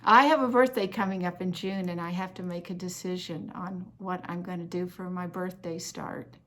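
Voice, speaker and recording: A woman's voice: lowish voice, steady tone, moderate pace, fairly bright tone. A woman hosting a cross-stitch vlog, chatting in an effusive, heartfelt way about gifts she received. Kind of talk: casual chat showing happy mail.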